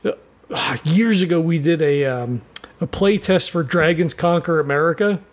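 A man with a notably high voice chats loosely on a podcast, circling his point with many fillers and restarts. He laughs now and then as he talks through his games. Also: measured pace. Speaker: regular podcast player. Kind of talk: casual chat.

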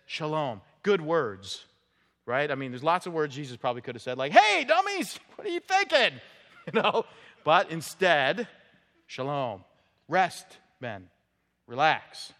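A male pastor preaching an expository sermon in a church, conversational and animated, with casual asides to the congregation. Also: high-pitched. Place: church sanctuary. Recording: long reverb of a church hall.

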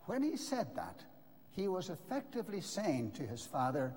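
An older man preaching a sermon, earnest and emphatic, with dramatic pauses. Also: mid-range voice, lively intonation, a little mellow. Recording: long reverb of a large hall.

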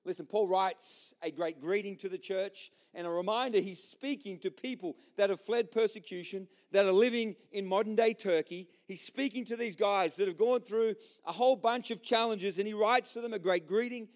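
Preaching in a church service, an Australian pastor tells jokes and addresses the congregation directly in a lively storytelling way. His voice is high-pitched, and he speaks at normal speed with few pauses.

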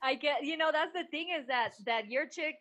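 Brash high-voiced woman swearing casually. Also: normal speed, a bit bright. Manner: brash, swears freely, says "bro". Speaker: podcast co-host. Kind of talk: casual chat.

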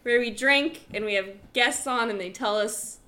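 A woman's voice: a little high, normal speed, bright, forceful tone. A woman guesting on a podcast, blunt and sarcastic in her banter.

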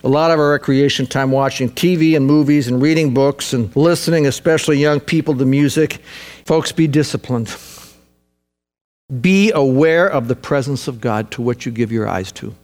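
A man preaching a sermon, earnest and urgent at times, then soft and reflective. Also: mid-range voice, normal speed. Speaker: pastor.

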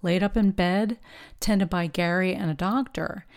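A woman giving a scripted, measured narration that analyzes an old western film with a wry edge. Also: on the low side, darkish tone. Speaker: film commentator.

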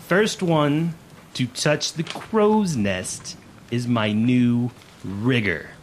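A man voicing a strict, impatient male pirate first mate who barks his orders loudly. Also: medium pitch, extremely slow, slight background noise. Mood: threatening.

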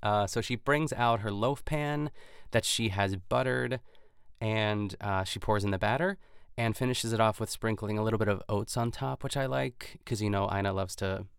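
A man's voice: lowish voice, moderate pace, gravelly, clear, resonant tone, no room sound, clean studio sound. A man hosting a podcast, chatting casually as he recaps a cooking show, rambling and sometimes losing his place. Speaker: podcast host.

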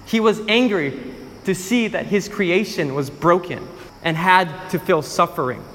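High-voiced preacher in a reverberant hall. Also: male voice, unhurried, fairly bright tone. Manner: emphatic storytelling, repeats phrases for effect. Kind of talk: sermon.

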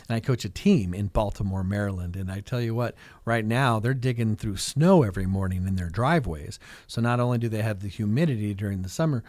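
A middle-aged man with a fairly low voice talks eagerly in a casual radio interview, dropping "like" and "right?" into nearly every thought. The sound is dry and close, with no room around it. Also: no room sound. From Fresno, California. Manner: chatty, energetic, many fillers like "like" and "right?". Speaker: real estate agent and coach.

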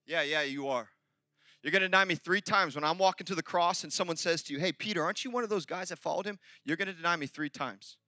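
A preacher voicing Jesus as a calm, easygoing man talking to a close friend, lower and softer than his own preaching voice. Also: fast, no echo. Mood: easy, knowing. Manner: easygoing, buddy-like talk.

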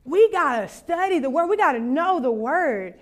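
High-voiced woman preaching with stories. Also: normal speed. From Louisiana. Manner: animated, laughing, acts out voices in anecdotes. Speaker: conference speaker. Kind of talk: storytelling sermon.

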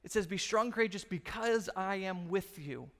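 A male pastor in his thirties delivering a sermon with a fairly high voice. He tells stories with animation and acts out the quotes. The sound carries the long reverb of a large church hall. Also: lively intonation, normal speed.

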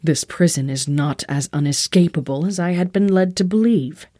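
A woman voicing a male emperor who speaks firmly and with quiet authority. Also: fairly low pitch, no room sound, studio quality, lightly acted. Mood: stern. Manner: firm, measured, authoritative. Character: stern male emperor, commanding.

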